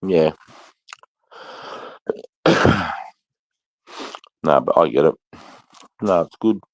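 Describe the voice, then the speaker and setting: A man's voice: a bass voice, lively intonation, extremely slow, no room sound. A man hosting a live stream, chatting casually, greeting viewers and swearing freely. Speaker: livestream host.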